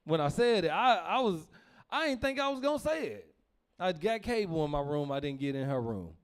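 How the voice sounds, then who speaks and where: Animated high-voiced male comic. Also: a little fast, clear, resonant tone. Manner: animated, laughs through lines, acts out family members. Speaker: stand-up comedian. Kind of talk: stand-up storytelling.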